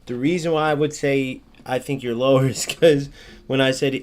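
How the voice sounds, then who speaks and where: With a mid-range voice, fairly even intonation and normal speed, this man streams a football video game, casually commenting to his chat. He performs short back-and-forths with opponents in a raised voice.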